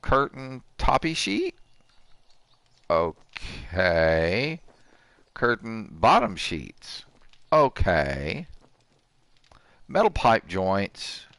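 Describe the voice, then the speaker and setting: A man's voice: on the low side, wildly swooping pitch, drawn-out words, pauses often, fairly bright tone, dry recording. A man in his sixties hosting a gaming channel, giving joking let's-play commentary and trash-talking the characters. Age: 60s. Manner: jokey, trash-talks the characters.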